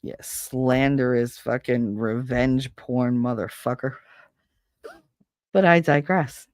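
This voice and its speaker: A woman's voice: a bass voice, slow pace, a little mellow, dry recording, studio quality. A woman hosting a casual talk show, telling personal stories bluntly with lots of swearing and acting out what other people said. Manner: blunt and profane, acts out quoted people. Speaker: podcast host. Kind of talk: casual storytelling chat.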